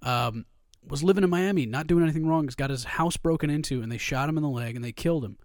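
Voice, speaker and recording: A man's voice: fairly high pitch, quick pace, darkish tone, no room sound. Guy ranting about football, swears a ton, dry close mic. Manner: profane, ranting, heated. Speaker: podcast co-host. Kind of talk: casual sports chat.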